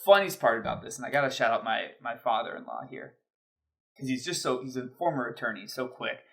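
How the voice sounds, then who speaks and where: A man co-hosting a casual sports podcast, telling an animated story and swearing casually. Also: medium pitch, fairly quick. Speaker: podcast co-host. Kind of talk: casual chat.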